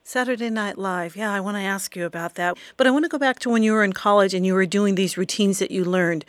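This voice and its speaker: A woman hosting an interview, asking measured, attentive questions. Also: medium pitch, no echo. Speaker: radio interviewer host.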